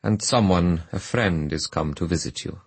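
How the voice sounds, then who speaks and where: A man voicing a kindly older male magistrate, measured and solicitous. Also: sits low, slightly rough, no echo.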